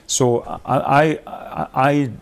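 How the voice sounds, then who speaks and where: A man of middle pitch leads a workshop, talking things through as they come to him. He circles back, restarts and laughs now and then, in a chatty, discursive way. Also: fairly even intonation, slow pace, vocal fry, clean tone. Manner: rambling, thinks aloud with many restarts. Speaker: workshop leader.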